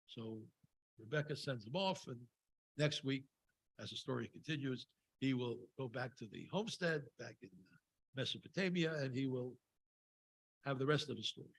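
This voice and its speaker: Husky man giving a chatty sermon. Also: mid-range voice, poor audio. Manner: conversational and digressive, with frequent fillers and wry asides. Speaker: speaker giving a Torah talk at a Shabbat service. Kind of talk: informal sermon retelling a scripture story. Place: synagogue service.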